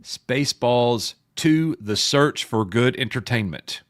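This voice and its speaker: A man co-hosting a casual pop culture live stream, joking with chat, his voice a bit gruff and hoarse. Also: mid-range voice, animated, takes it slowly, a bit bright. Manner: joking, addresses chat viewers by name. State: sounds slightly sick.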